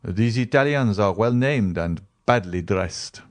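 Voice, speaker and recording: A man voicing a fastidious young male aristocrat who speaks in a cutting, superior way, in an audiobook reading. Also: lowish voice, expressive. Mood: disdainful. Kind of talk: audiobook character voice.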